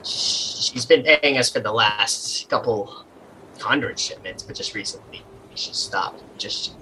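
A man's voice: mid-range voice, slow, bright, forceful tone, slight background noise, rough recording. A man voicing a proud male merfolk leader who talks in a stiff, businesslike way. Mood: formal.

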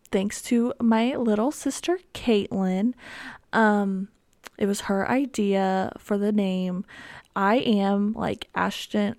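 A young woman's mid-range, darkish voice comes through in studio quality with no echo as she hosts her podcast. Speaking slowly with fairly even intonation, she rambles through a story by herself in a casual way, using lots of ums and likes.

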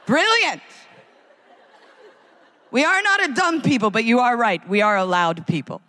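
A woman's voice: fairly high pitch, expressive, measured pace, bright, forceful tone. A woman doing sardonic live stand-up comedy on a concert hall stage, mimicking voices. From United States.

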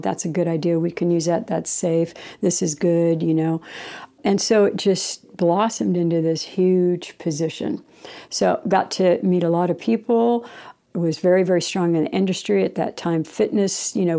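Speaking as an interviewee, this middle-aged woman has a lowish, dark-toned voice. She wanders casually through a personal anecdote, acting out the things people said.

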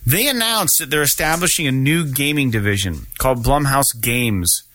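With an expressive, mid-range voice and a sharp tone, this male podcast host speaks at normal speed in an echo-free recording. His casual gaming news show is rambling and profane, packed with fillers.

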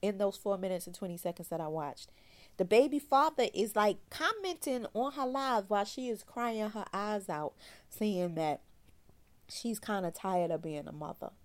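A woman therapist telling a personal story candidly in a loose, slangy, animated way. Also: medium pitch, normal speed. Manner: animated, slangy, acts out quoted voices.

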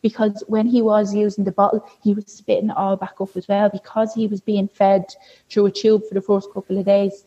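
Woman, husky voice, warm and mellow tone, candid chatty storytelling, lots of fillers, dull lo-fi recording. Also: medium pitch, level tone, normal speed. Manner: chatty, heavy use of "like" fillers. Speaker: podcast guest sharing a birth story.

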